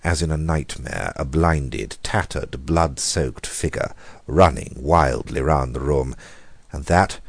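A man narrating a horror story in a measured, grave reading, slowing down for dramatic moments. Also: a bass voice, husky, dry recording. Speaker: audiobook reader.

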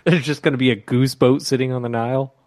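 A man chatting casually on a podcast, teasing and quick to laugh. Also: mid-range voice, steady tone, darkish tone, dry recording, studio quality. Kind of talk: casual chat.

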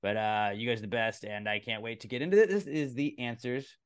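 Smooth-voiced man hosting a podcast. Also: medium pitch, brisk. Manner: loose and rambling, swears casually. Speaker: podcast host. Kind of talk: casual comedy podcast chat.

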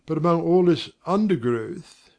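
A man's voice: a little high, animated, a little slow, dark tone. A man playing a formal, deferential butler in an amateur drama reading. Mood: respectful. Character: faithful, deferential male butler.

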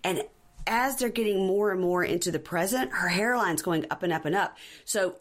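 A woman's voice: on the low side, moderate pace. A woman co-hosting a casual chat show, telling long stories and acting out what others said. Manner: chatty storyteller, acts out quotes. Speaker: podcast co-host.

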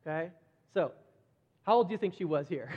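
A man's voice: on the high side, expressive, brisk, slightly rough. Man, middle-aged, conversational sermon, repeats words, dull lo-fi recording. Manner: conversational, repeats words, acts out quoted voices brightly. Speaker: pastor. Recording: dull lo-fi sound with long hall reverb.

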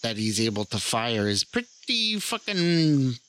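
A man's voice: mid-range voice, big pitch swings, measured pace, fairly bright tone, smooth. A man in a casual film discussion, laid-back, mostly giving short agreeing replies with some casual swearing.

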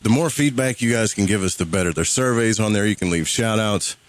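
Southern US male radio host, very deep, relaxed and rambling, swears casually. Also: fairly quick, dry recording. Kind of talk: casual live radio talk.

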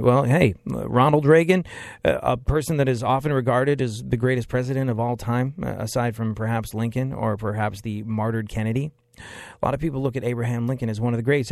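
A man's voice: lowish voice, darkish tone, no echo, clean studio sound. Sarcastic male political commentator. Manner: sarcastic, emphatic, repeats phrases for effect.

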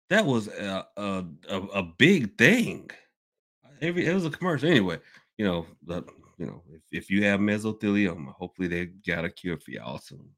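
A man hosting a casual podcast Q&A, rambling and animated, swinging between loud outbursts and low mutters. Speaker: podcast host. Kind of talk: casual live Q&A chat.

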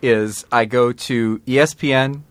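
A man's voice: mid-range voice, fairly even intonation, a little slow, no room sound. A man co-hosting a podcast in casual chat, joking, laughing often and restarting his sentences. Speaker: podcast co-host.

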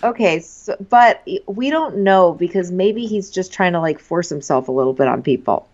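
A woman co-hosting a podcast, casually recapping a reality show and arguing her opinions expressively. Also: fairly low pitch. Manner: expressive, opinionated, quick to react. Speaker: podcast co-host. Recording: dull lo-fi audio.

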